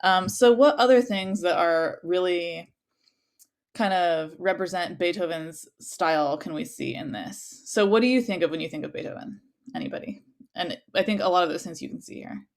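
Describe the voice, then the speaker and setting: Young woman, music teacher, lowish voice, casual, hums rhythms, lots of "like" and "um". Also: animated, normal speed. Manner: casual, sings rhythms on syllables, many fillers. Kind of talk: interpretation class lecture.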